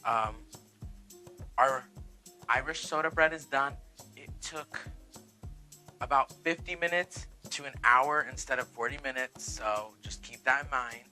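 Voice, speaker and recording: A man's voice: medium pitch, unhurried, long pauses, bright, forceful tone, faint music behind, low-quality recording. A man hosting a casual home cooking vlog, sassy and profane, calling viewers "girl" and "honey". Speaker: cooking vlogger. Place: home kitchen.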